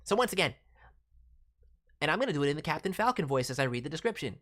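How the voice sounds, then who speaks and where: Playful woman streamer with a lively voice. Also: low voice, fast. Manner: playful, bouncy, teasing. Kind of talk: casual live-stream chat.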